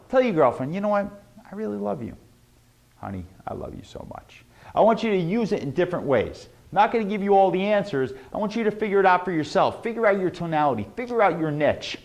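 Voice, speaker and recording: Brief: male sales trainer, higher-pitched voice with lively swoops, punchy and emphatic. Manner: animated, emphatic, repeats key words. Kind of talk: motivational sales lesson.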